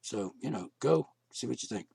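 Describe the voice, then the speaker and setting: A man's voice: mid-range voice, lively intonation, normal speed, gravelly, warm tone, slight background noise. A man hosting his own podcast, talking alone in a blunt, profane, ranting way, and losing his voice. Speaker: podcast host. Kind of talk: casual solo podcast monologue.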